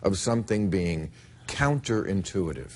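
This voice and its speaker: A man's voice: low-pitched, expressive, unhurried, darkish tone, a little hiss or hum. A man hosting a casual interview, joking and sarcastic. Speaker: interviewer host.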